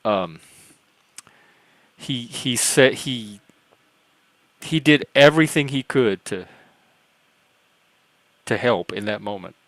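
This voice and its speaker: A man's voice: medium pitch, animated, slow, pauses often, a bit bright, no echo. A man on a livestream panel telling a personal story in casual talk, earnest and rambling, with frequent restarts and self-corrections. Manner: earnest, acts out quoted dialogue.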